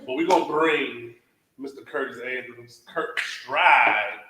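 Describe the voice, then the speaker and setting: A man's voice: mid-range voice, takes it slowly, sharp tone, a little hiss or hum. A man hosting a live event, bantering and joking with the crowd. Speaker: event emcee. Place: hotel event hall. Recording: echoey hall with a crowd.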